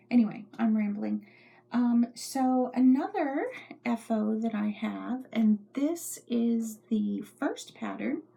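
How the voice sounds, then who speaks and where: A woman's voice: on the high side, gravelly, mellow, slightly rough. A middle-aged woman hosting a knitting podcast from her home craft room, rambling chattily and often dropping into whispers. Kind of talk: casual show-and-tell chat.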